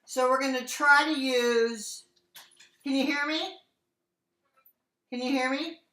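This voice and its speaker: A woman's voice: high voice, steady tone, slow pace, pushed and bright. A woman teaching an online singing lesson, coaching and singing short lines to show how. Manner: demonstrates lines by singing them. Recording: echoey room over a video call.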